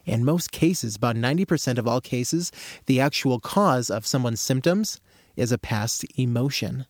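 Man, casual explanatory talk, animated storyteller, middle pitch, dry close sound. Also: normal speed, dry recording. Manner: animated storyteller, acts out scenes with rising excitement. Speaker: practitioner explaining his therapy method.

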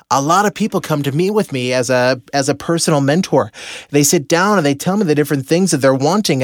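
A man with a slightly high voice tells an animated motivational story, bringing the people in it to life with voices. The sound is dry and close, with no room around it. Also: no echo. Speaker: personal mentor.

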